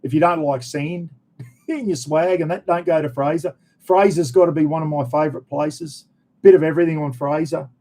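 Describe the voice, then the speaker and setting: A man's voice: a little high, fairly even intonation, normal speed, dark tone, low-quality recording. A middle-aged Australian man, a former cop and prison officer, chatting bluntly on a livestream while he answers questions from viewers. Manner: blunt and salty, swears freely. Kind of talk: casual livestream chat.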